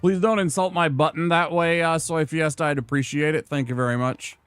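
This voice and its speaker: A man's voice: on the high side, steady tone, a little fast, a bit bright, clear, resonant tone, no room sound, faint music behind. A young man playing a video game and chatting casually, joking and rambling with restarts. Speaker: gaming streamer. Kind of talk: casual let's-play chat.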